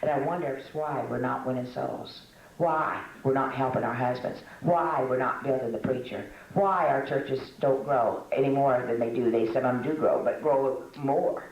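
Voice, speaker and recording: A woman's voice: rumbling low, normal speed, gravelly, a little mellow, a little hiss or hum. An older woman giving a folksy, self-mocking talk to a women's meeting, with frequent laughs and fillers. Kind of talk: conversational talk to a women's audience. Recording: echoey room.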